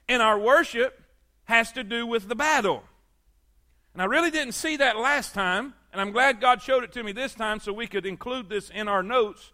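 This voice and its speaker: A man's voice: high-pitched, pushed and bright. A man preaching a sermon as pastor, repeating phrases for emphasis and calling on his congregation for amens.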